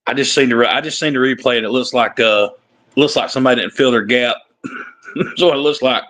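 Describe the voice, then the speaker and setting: A man's voice: mid-range voice, a little fast, fairly bright tone, rough recording. A man co-hosting a sports talk show, laid-back with short replies. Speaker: co-host.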